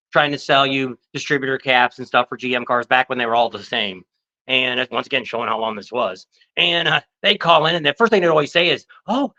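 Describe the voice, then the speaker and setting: Older male co-host in his 60s, rapid bright delivery, lively storyteller, dull lo-fi livestream audio. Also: medium pitch. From California. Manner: lively storyteller, acts out other people's lines. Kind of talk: casual livestream chat.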